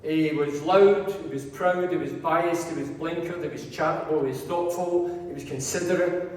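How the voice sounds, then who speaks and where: A Scottish man telling animated, swear-laden stories on stage at a live event. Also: a little high, normal speed, a little hiss or hum. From Scotland. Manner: animated anecdotes, swears, acts out quotes. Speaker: guest speaker, former player. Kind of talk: comic storytelling on stage. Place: large hall at a live event. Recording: echoey hall, mic from far off.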